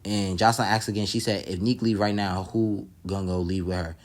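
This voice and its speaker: Low-voiced man recapping a TV episode. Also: level tone, brisk. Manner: profane, laughs often, acts out quotes. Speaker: TV episode reviewer. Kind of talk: casual recap and commentary.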